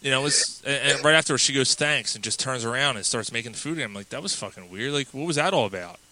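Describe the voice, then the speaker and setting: A man's voice: medium pitch, expressive, fast, rough recording. A man co-hosting a podcast, trading crude, profane jokes and sports rants in casual banter. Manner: loud, profane, tells raunchy jokes. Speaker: podcast co-host.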